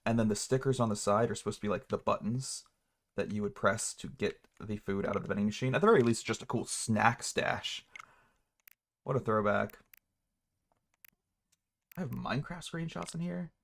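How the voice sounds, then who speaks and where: A man's voice: on the low side, fairly quick, creaky. A man hosting a casual livestream, rambling and laughing at himself as he talks. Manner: rambling, laughs often, self-mocking. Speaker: streamer.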